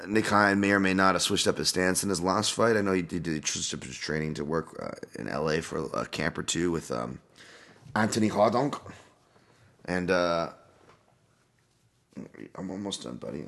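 A man's voice: sits low, fairly bright tone. A man hosting a casual solo podcast, rambling loosely through fight picks at home with lots of fillers and restarts. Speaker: podcast host, fight analyst. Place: at home, dog nearby.

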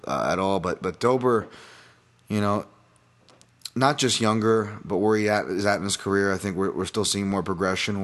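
A man hosts a casual solo podcast and talks through fight picks. His voice sits fairly low, and he rambles and pokes fun at himself. He fills gaps with "uh" and "you know" and often restarts his sentences. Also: a bit bright. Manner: rambling, self-deprecating, many fillers and restarts. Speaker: podcast host, fight analyst.

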